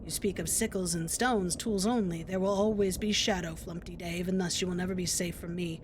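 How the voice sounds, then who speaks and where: A woman voicing a menacing male scarecrow villain in a game, speaking low, slow and ominous. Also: fairly even intonation, a little hiss or hum, lightly acted.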